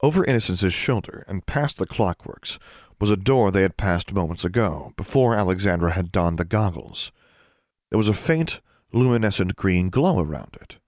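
In this scripted fantasy audiobook, a low-pitched male narrator keeps a calm, even storytelling pace. The sound is clean studio audio with a dry recording.

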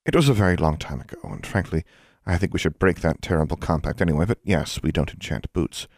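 A man playing a proper adult witch who speaks in a cold, clipped, disapproving way. The voice is deep and set in a dry, close room. It is an audiobook character read by its narrator. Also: quick pace, a little mellow, dry recording. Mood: weary. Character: stern, proper grown woman witch, artisan sister.

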